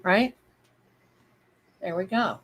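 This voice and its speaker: A woman's voice: mid-range voice, extremely slow, very noisy. A woman hosting a casual livestream, chatting and rambling to her viewers. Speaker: live-stream host.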